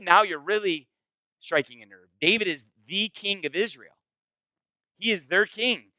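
Pastor, male, chatty and animated teaching voice, dry close sound. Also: sits high, a little slow, dry recording, rough recording. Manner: animated, conversational, acts out quoted voices. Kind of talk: casual Bible-study sermon.

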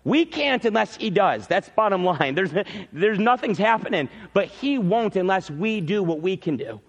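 A male pastor preaching a sermon in a church, emphatic, repeating key phrases and swinging between loud peaks and quiet drops. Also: high-pitched, very animated, moderate pace, in a large hall, muffled recording.

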